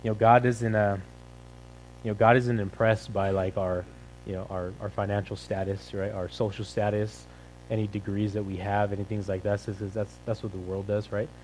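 Casual low-voiced male preacher. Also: level tone, normal speed, darkish tone, slight background noise, poor audio. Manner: rambling, filler-heavy, conversational with frequent "right?". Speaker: pastor. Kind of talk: casual sermon.

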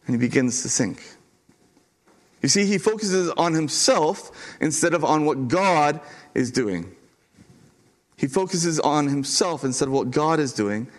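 A male pastor delivering a sermon with a fairly high, clear voice. He preaches earnestly, pressing his points by repeating them and letting pauses land. The delivery moves between quick, driving phrases and slower, weighty ones. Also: expressive. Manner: earnest, emphatic repetition with dramatic pauses.

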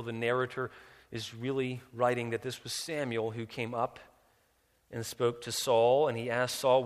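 Preaching man in a reverberant hall. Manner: builds from low and quiet to loud and high for emphasis; repeats words and restarts. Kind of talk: sermon. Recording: long reverb, large hall.

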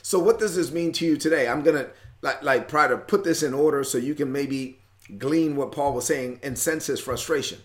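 A man's voice: fairly high pitch, normal speed. Impassioned conversational male preacher. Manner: conversational, acts out Paul's frustration, rising intensity. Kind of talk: sermon teaching from scripture.

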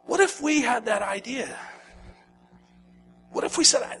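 Middle-aged male pastor, high bright voice, dynamic sermon delivery, slight hum. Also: a little slow, long pauses. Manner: animated preaching, swings from shouting to near-whisper.

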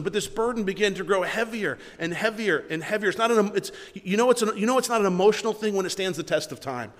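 Man, pastor, sermon, conversational, frequent restarts, high voice, long reverb. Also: quick pace, hardly any pauses.

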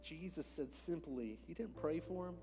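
A man preaching a sermon as a pastor in a church, moving between hushed whispers and loud, impassioned calls. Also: on the high side, moderate pace, music in the background. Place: church sanctuary.

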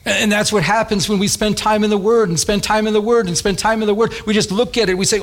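A man preaching a sermon, telling a childhood story in an animated way and acting out the voices. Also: sits high, fast, few pauses. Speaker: pastor.

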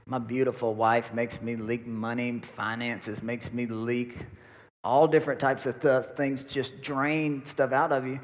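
A man's voice: mid-range voice, little pitch movement, a little slow. A man, a pastor, preaching a sermon with emphatic, repetitive delivery, married with kids. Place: church sanctuary. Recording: long hall reverb.

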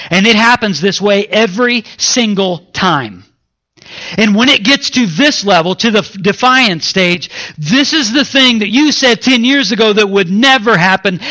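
A man preaching a sermon as pastor. He moves between raised, urgent preaching and low, hushed asides, and playfully acts out his own inner voice. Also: lively intonation, normal speed.

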